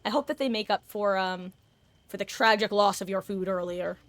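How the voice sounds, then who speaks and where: A woman's voice: mid-range voice, moderate pace. A woman live-streaming a game, chatting casually and rambling through stories to her viewers. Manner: chatty, rambling, animated with sudden shrieks. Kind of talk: casual live-stream chat while gaming.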